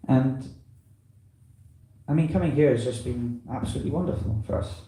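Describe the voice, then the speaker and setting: Man, visiting preacher, loose conversational talk, very dark tone, echoey temple room. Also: medium pitch, moderate pace. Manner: rambling and conversational, full of "you know". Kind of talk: informal talk to a temple congregation. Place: temple hall.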